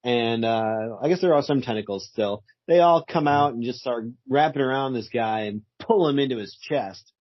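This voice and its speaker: A man co-hosting a casual podcast, playful and quick to laugh. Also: medium pitch, no echo, lo-fi sound. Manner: laughing, playful, acts out quotes. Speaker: podcast co-host. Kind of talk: casual comic book chat.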